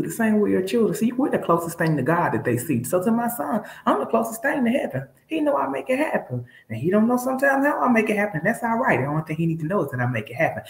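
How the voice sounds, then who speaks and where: Woman going live, preachy and pumped, voice jumps up and down a lot, kinda echoey room. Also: deep voice. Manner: preachy and emphatic, addresses viewers as y'all. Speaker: live-stream seller. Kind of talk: motivational live-stream talk.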